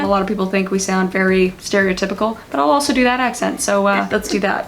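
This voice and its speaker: A chatty young woman from Canada talks straight to camera in a loose, joking way. She is quick to poke fun at herself. Her voice sits at a middle pitch, with a faint hum of room noise behind her. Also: vocal fry. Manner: chatty, self-deprecating. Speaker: comedy creator. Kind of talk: casual comedic talk to camera.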